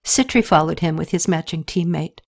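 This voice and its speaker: A woman narrating an audiobook story in a steady scripted reading, lifting her pitch slightly for characters' lines. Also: moderate pace, gravelly.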